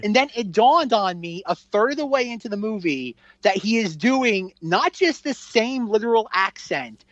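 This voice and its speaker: A man's voice: high voice, moderate pace, few pauses, highs cut off. A man co-hosting a film podcast, chatting casually and acting out his own reactions with jokes. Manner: animated, jokey, acts out his reactions. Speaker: podcast co-host. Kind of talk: casual chat.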